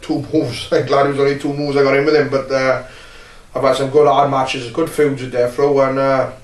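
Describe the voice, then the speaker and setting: A Welsh man, a wrestler, talking bluntly and rambling with many filler pauses in a casual interview. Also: medium pitch. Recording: roomy, distant mic.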